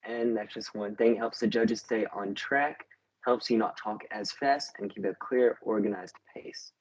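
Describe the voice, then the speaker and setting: Teen boy giving quick tips. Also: lowish voice, steady tone, dull audio. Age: teens. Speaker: youth workshop presenter. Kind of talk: casual instructional talk.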